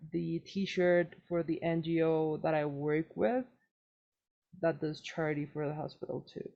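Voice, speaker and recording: Chatty player, mid pitch, planning in-character, lo-fi muffled sound. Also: fairly even intonation, measured pace, creaky, a little mellow. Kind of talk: tabletop role-play chat.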